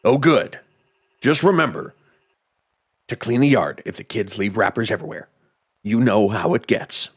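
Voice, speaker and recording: A man voicing a worried mother in a gruff, clipped military colonel voice. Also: lowish voice, very animated, normal speed, long pauses. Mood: reassuring.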